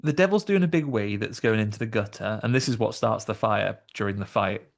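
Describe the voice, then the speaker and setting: A gravelly, lowish-voiced man talks fairly quickly as co-host of a casual film review podcast. He jokes around and performs lines from the film in funny voices.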